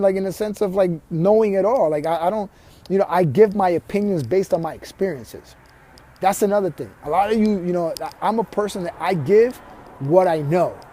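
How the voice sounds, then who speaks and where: A man's voice: high-pitched, mellow. Earnest man coaching his viewers. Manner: earnest, talks straight to viewers; restarts and repeats words often. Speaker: life coach. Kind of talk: motivational vlog monologue.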